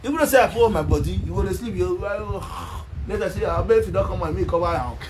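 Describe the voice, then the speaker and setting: Nigerian man, high voice, scolding live-stream vlogger who mocks and rambles; faint noise behind. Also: animated, quick pace. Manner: scolding, taunting, rambling with many restarts. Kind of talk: mocking rant on a live stream.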